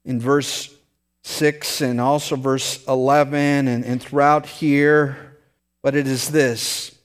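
A middle-aged man preaching a sermon as pastor, telling a story in a lively way and acting out the voices in it. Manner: animated storytelling, rising to excited high-pitched re-enactments.

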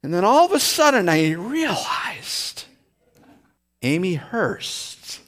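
A middle-aged male pastor preaches a sermon in a fairly high voice. He speaks slowly and deliberately, and he moves between quiet, reflective passages and animated, story-driven re-enactments.

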